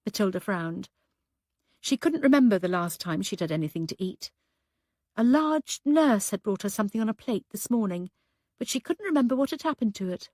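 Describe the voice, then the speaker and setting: This is an audiobook read by a woman whose voice sits in the mid range. Her pacing is steady and even, and the close-miked recording has no room sound to it.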